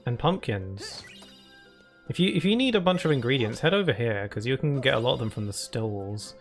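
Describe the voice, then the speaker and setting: A man's voice: mid-range voice, animated, normal speed, faint music behind. A British man chatting casually while streaming a video game, laughing often and reading chat and on-screen text aloud. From United Kingdom.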